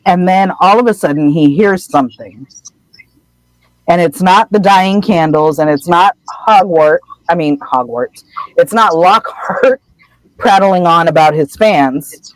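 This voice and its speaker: A woman co-hosting a podcast, casually recapping a story in an animated way and slipping into voices. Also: lowish voice, measured pace, no room sound, rough recording. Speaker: podcast co-host.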